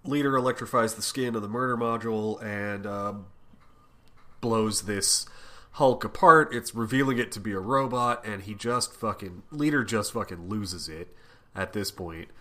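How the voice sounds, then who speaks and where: Bright-voiced man swearing through a comic recap. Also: on the low side, moderate pace. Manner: lively, swearing retelling with animated quotes. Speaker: podcast co-host. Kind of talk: casual comic book recap.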